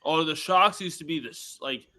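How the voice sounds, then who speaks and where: A man co-hosting a casual podcast, tossing in quick joking asides. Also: on the high side, sharp tone. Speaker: podcast co-host. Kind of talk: casual watch-party chat.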